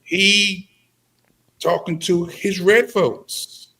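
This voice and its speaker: A male podcast guest who speaks slowly and deliberately, weighing each phrase. His voice sits slightly high and carries firm conviction. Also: fairly even intonation. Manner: slow, deliberate, forceful statements. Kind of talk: live-stream podcast discussion.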